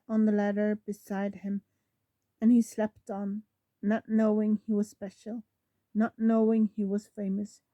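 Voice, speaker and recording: A woman reading a novel aloud, slowly, often stumbling over words and correcting herself. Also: mid-range voice, mellow, dry recording, highs cut off. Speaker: reader.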